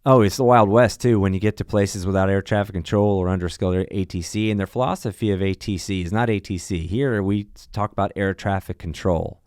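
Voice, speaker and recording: Casting: male airline pilot guest, low smooth voice, dry close sound, animated storyteller. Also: fairly quick, few pauses, dry recording. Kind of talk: casual podcast chat.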